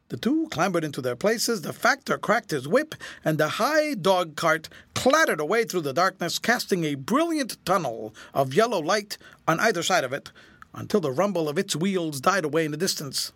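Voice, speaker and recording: A man narrating a classic novel in an expressive audiobook reading. His voice sits high and moves animatedly across its range, with a bright edge. The recording is dry and close. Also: normal speed, no room sound. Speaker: audiobook reader. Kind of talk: scripted narration.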